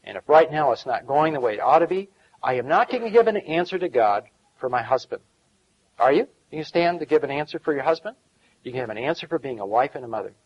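A man's voice: medium pitch, animated, fast, husky, dull audio. A middle-aged man preaching a sermon as pastor, in a folksy style with chuckles and asides.

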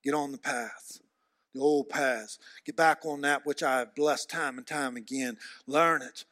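A man preaching a sermon with emphatic repetition, swinging from loud shouts to hushed near-whispers. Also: medium pitch, fairly even intonation, a little slow, no echo, studio quality.

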